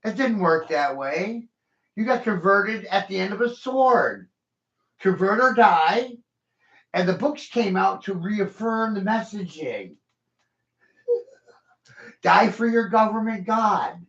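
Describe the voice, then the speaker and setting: A man's voice: high-pitched, lively intonation, slow, long pauses, a bit bright. A man ranting profanely and heatedly in a casual podcast chat. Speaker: podcast host. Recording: echoey, dull lo-fi room.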